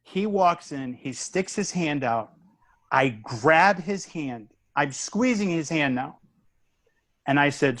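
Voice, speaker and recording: Animated male comedian telling a story. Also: fairly high pitch, measured pace, dry recording. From United States. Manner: animated storyteller, acts out voices and punchlines. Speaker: guest comedian. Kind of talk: casual storytelling chat.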